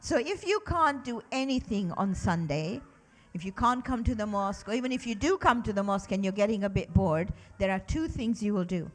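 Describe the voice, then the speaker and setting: A woman's voice: mid-range voice, brisk, slight background noise. A middle-aged woman giving a religious lesson to children, asking them lots of questions and leading them in call-and-response recitation. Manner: animated, asks children many questions. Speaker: children's lecturer at a mosque.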